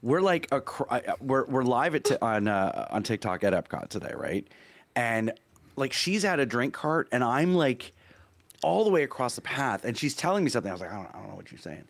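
A man hosting a casual podcast chat, his voice rising and falling in lively swings as he tells stories. He rambles and restarts himself often, and the sound is close and dry with no room around it. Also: medium pitch, normal speed, no echo. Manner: animated storyteller, rambling with restarts. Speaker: podcast host.

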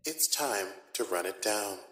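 Lively low-voiced man podcast host. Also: measured pace, slightly rough, soft background music. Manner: enthusiastic, jokey. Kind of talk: casual chat.

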